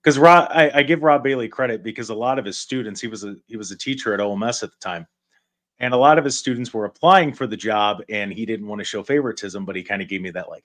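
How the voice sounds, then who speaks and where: A man on a video call telling rambling, animated stories about his radio days as a guest. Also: on the low side, fast. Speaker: guest, former radio staffer. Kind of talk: casual storytelling.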